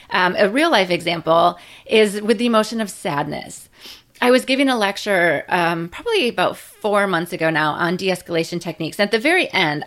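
A woman nurse educator teaching in a casual, conversational way, often checking in with "right?" and stressing points with lively emphasis. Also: on the low side. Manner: conversational, frequent "right?" and "you know" tags.

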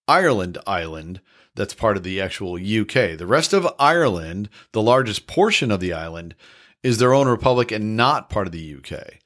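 Casting: deep-ish male podcast co-host, earnest explainer with a playful streak. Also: a bit bright. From American Midwest. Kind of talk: casual chat.

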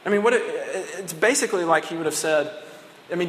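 A man's voice: high voice, fast talker, fairly bright tone. A man preaching a sermon in a conversational way, acting out the dialogue of the story as he goes. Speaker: pastor. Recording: echoey hall, long reverb.

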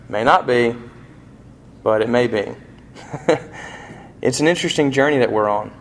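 A man's voice: medium pitch, animated, fairly quick, pauses often. A man preaching a sermon in a folksy, conversational storytelling manner. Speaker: pastor.

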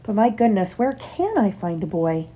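A woman voicing an eager, polite little male puppy in a read-aloud storybook, in a high, hopeful, breathless voice. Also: very animated, normal speed, mellow, slightly rough. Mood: crestfallen.

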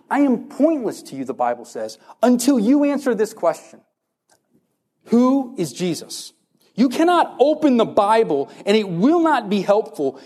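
A man preaching a sermon as pastor, animated, acting out the voices of doubters and of Jesus. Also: sits high, slightly rough.

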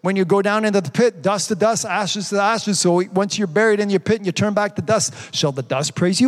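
A man's voice: sits high, brisk, few pauses, long reverb tail. A man preaching a sermon as pastor, calling out to the congregation and asking rhetorical questions. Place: church.

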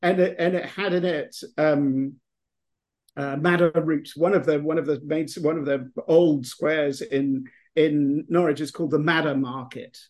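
A man's voice: a little high, steady tone, unhurried, darkish tone. A middle-aged English man talking as an author guest in a podcast interview, rambling with many restarts and fillers. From England.

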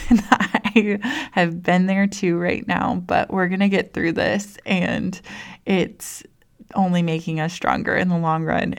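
A woman's voice: on the low side, clear, resonant tone. A young woman and mother talking casually to listeners about parenting, chatty and full of "like" and restarts. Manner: chatty, says "like" constantly, restarts often. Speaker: mom sharing parenting stories. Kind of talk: casual personal talk to listeners.

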